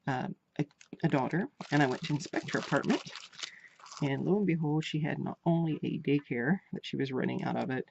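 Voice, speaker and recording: A woman's voice: low-pitched, fairly quick, vocal fry, darkish tone, slight background noise. A woman vlogger chatting casually while unboxing crafts, gushing and repeating her praise. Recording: dull lo-fi home recording.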